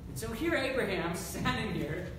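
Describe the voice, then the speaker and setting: A male pastor preaching a sermon in a conversational, animated way, acting out scripture as he goes. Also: high-pitched, normal speed. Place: church. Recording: echoey church hall, distant mic, background noise.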